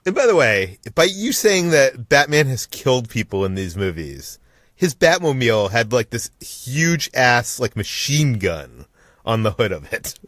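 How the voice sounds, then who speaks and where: A man hosting a casual podcast, talking in a relaxed, conversational way with plenty of fillers. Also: medium pitch, unhurried, dry recording, clean studio sound. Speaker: podcast host.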